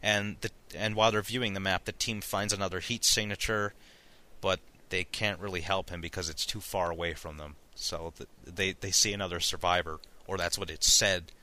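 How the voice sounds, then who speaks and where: Male co-host, deep but bright voice, rambling casual recap full of fillers. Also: steady tone. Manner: rambling, halting retelling with many fillers. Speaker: podcast co-host recapping a story. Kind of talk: casual chat.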